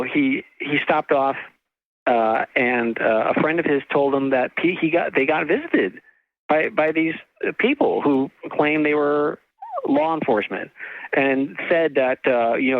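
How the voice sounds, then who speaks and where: Halting storyteller on a tinny line. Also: male voice, a little high, very animated, vocal fry, dry recording. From California. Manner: halting, full of restarts and fillers, laughs often. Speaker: author and guest. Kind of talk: casual storytelling interview.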